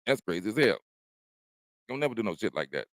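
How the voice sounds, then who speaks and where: His voice is fairly low yet a bit bright, sing-song and fairly quick, with no room sound. A comedian hosting his stream, he smokes at home and rambles through profane, laid-back stories from around the house.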